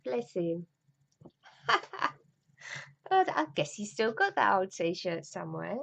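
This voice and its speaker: Brief: middle-aged woman, London accent, casual storyteller, swears and mimics people, gravelly. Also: mid-range voice, very animated, takes it slowly, a bit bright, slight background noise. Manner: chatty, rambling, swears, acts out voices. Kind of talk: casual reminiscing monologue.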